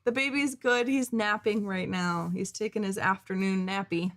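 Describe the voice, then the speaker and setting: A woman's voice: mid-range voice, fairly even intonation, moderate pace, a bit bright. A woman co-hosting a live stream, chatting casually, reading out viewer comments and laughing often. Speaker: co-host of a reaction channel.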